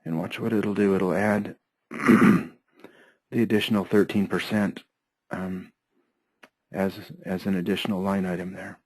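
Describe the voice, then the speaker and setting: A man teaching accounting software step by step, his voice hoarse and often interrupted by throat clearing. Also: low-pitched, unhurried, pauses often, no room sound, poor audio. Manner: steady, methodical step-by-step explaining. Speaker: software trainer. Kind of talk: screen-share software tutorial.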